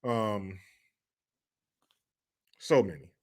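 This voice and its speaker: A man's voice: fairly low pitch, drawn-out words. Joking man hosting a livestream. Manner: loose and joking, reads chat aloud. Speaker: livestream host. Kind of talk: casual livestream commentary.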